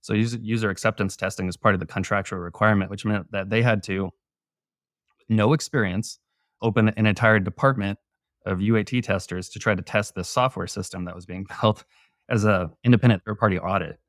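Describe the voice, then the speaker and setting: A man's voice: lowish voice, steady tone, brisk, a bit bright, dry recording, studio quality. A man, a guest author, explaining his views in a casual panel discussion. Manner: explanatory, conversational.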